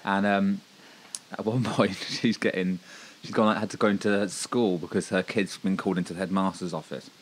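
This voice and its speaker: A man's voice: deep voice, fairly even intonation, normal speed. A man co-hosting a football podcast, talking in a rambling, hesitant way with many ums and restarts. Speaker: podcast co-host. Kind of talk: casual football chat.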